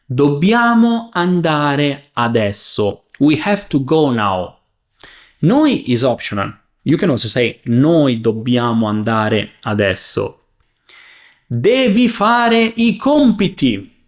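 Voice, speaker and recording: A man teaching a beginners' language lesson, saying examples slowly and clearly. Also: mid-range voice, expressive. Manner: slow, clear, enunciating. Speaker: Italian teacher.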